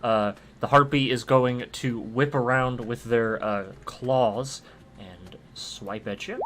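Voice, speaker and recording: A young man acting as dungeon master, narrating combat in a relaxed way with plenty of filler sounds, recorded on a home mic over a voice call. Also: mid-range voice, slow, a little hiss or hum. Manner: easygoing, many "uh" fillers, vivid combat narration. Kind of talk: narrating a tabletop game online.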